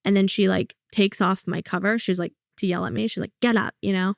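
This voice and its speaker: A young woman, a comedian talking casually and bluntly as a guest, telling stories and slipping in quick quoted asides. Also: medium pitch, level tone, creaky, no echo, clean studio sound. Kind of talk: casual interview chat.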